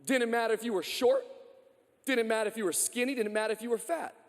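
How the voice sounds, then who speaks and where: Male preacher hyping up the crowd, joking, high voice, big echoey hall. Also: fast. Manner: energetic, joking, loud calls to the crowd. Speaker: pastor. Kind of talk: sermon. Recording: long reverb of a large hall.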